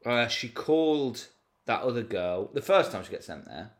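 A male podcast co-host in casual comedy chat. His pitch swings up and down a lot, and he laughs often as he jokes along. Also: moderate pace. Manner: chatty, laughs often, lively intonation.

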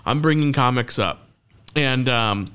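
A man's voice: medium pitch, measured pace, a bit bright, clean tone. Profane rambling man telling stories. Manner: rambling, profane storytelling with frequent restarts. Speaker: podcast host. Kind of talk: casual chat.

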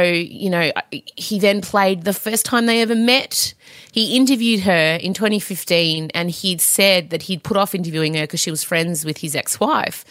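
A woman's voice: lowish voice, dry recording, clean studio sound. A tired woman hosting her own podcast, talking frankly and rambling a little, laughing often and getting emotional. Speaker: podcast host. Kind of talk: candid solo podcast chat.

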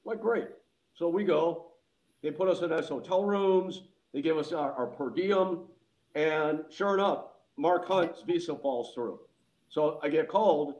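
Man, casual podcast storyteller, higher-pitched voice, animated and laughing, acts out the quotes. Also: moderate pace, low-quality recording.

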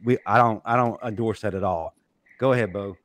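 A man's voice: fairly low pitch, fairly quick, fairly bright tone. A man hosting a casual sports podcast who speaks firmly and directly and hands the floor to his panelists. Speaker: podcast host.

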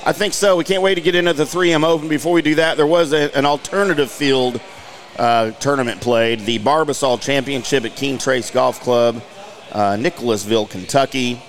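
A man hosting a casual golf talk show, joking and bantering with his co-host. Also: mid-range voice. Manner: joking, animated, quick to laugh. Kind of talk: casual sports chat.

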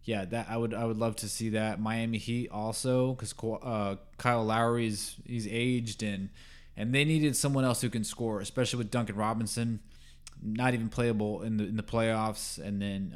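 A man hosting a solo sports podcast, talking in an opinionated, rambling way with many fillers and restarts, rising in pitch and volume when he gets heated. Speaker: podcast host.

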